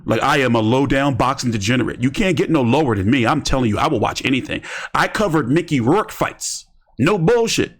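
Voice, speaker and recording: A man's voice: mid-range voice, expressive, brisk. A man giving rambling, slangy commentary on boxing during a casual live stream. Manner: rambling, slangy, talks to himself while browsing.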